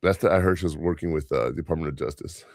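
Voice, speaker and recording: Speaking quickly in a bass voice, this podcast host tells workplace stories in a loose, chatty way, stumbling through fillers and restarts. The sound is dry and clean, like a studio.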